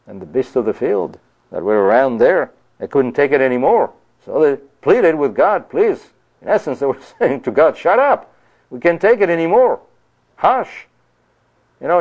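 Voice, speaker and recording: A man's voice: medium pitch, darkish tone, muffled recording. A man preaching a sermon. He reads scripture aloud, comments on it emphatically, and keeps checking in with his listeners by asking "you see?". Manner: emphatic, rhetorical, often asks "you see?".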